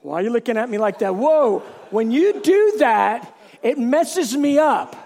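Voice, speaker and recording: Man playing an excitable disciple, high voice, gravelly edge, bewildered and rambling. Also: unhurried, full character voice. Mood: rattled. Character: excitable rattled adult male disciple.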